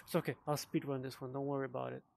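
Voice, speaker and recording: A man's voice: medium pitch, flat delivery, racing, vocal fry, a little mellow. Tipsy man swearing through a game. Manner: swears a lot, frustrated outbursts and mumbled asides. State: tipsy from drinking. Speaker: VR gamer. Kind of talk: casual gameplay commentary.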